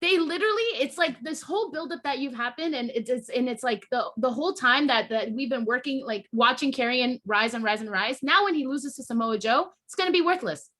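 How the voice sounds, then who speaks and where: Woman, podcast host, casual rant, fired-up, swears a lot, bright edgy voice, slightly high. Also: animated, fairly quick, few pauses. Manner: heated, profane, emotional venting with restarts.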